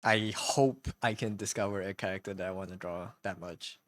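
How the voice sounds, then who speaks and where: A man's voice: sits low, fairly even intonation, normal speed, a bit bright, no room sound. A man streaming live while he draws, talking casually in a hesitant, rambling way, full of restarts and repeated words. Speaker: streamer and artist.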